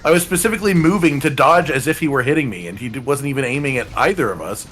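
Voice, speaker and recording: A man's voice: mid-range voice, lively intonation, fast talker, noisy background. Dry-joking man playing a game. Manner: dry, playful jokes. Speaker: gaming YouTuber co-host. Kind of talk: casual gameplay banter.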